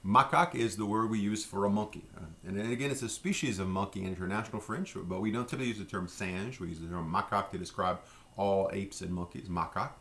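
Low gravelly man teaching. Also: a bit bright. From Louisiana. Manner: unhurried, with many fillers and slow repeated pronunciations. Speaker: French language teacher. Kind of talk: relaxed vocabulary lesson.

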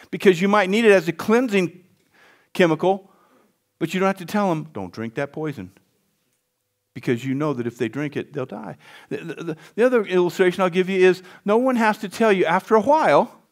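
A male pastor preaching a sermon in a folksy way, often calling out to the congregation for a response. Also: high voice.

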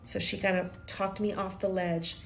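A woman's voice: mid-range voice, little pitch movement, moderate pace, a bit bright, faint music behind. A middle-aged woman from Kentucky talking nervously and emotionally to her viewers in a personal video diary. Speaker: vlogger.

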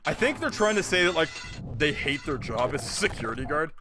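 A man's voice: fairly high pitch, big pitch swings, brisk. A young man streaming a video game, rambling and joking with casual commentary, swearing and laughing often.

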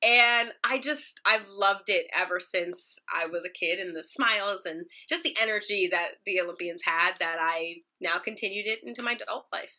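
Young woman reporter as guest, bright, forceful tone, laughs easily, easygoing. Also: mid-range voice, normal speed, few pauses. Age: young adult. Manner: laughs often, demonstrates anchor delivery. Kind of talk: casual interview chat.

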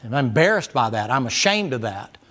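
A man's voice: medium pitch, very animated, brisk, fairly bright tone. A man preaching a sermon as pastor, folksy and emphatic, firing rhetorical questions at the congregation.

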